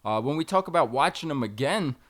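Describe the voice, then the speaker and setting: A man hosting a sports talk show, recapping fights in a steady, agreeable, fluent way. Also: on the high side, a little fast. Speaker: show host.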